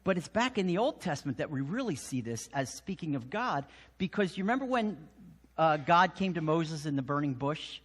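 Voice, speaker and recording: A man preaching a sermon as pastor, telling the story with lively acted voices and sudden hushed drops. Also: fairly high pitch, moderate pace, breathy edge, long reverb tail. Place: church sanctuary.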